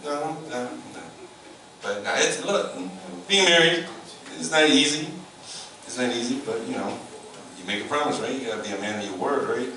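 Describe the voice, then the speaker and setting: A man's voice: mid-range voice, moderate pace, bright, forceful tone. A man doing a stand-up comedy set, profane and teasing the crowd, acting out voices. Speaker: stand-up comic. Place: comedy club. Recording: echoey club from far off with room noise.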